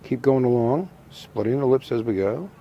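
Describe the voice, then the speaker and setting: A middle-aged man calmly demonstrating a hands-on craft step by step, methodical and repetitive with a touch of dry humor. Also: medium pitch, moderate pace, lo-fi sound, slight background noise. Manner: calm, methodical, repeats instructions, dry humor. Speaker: taxidermy instructor.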